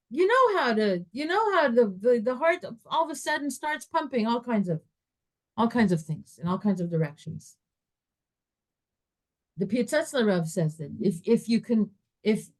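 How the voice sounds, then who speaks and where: A woman teaching a Torah class, telling a story and acting out its dialogue with her voice rising and falling. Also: a little high.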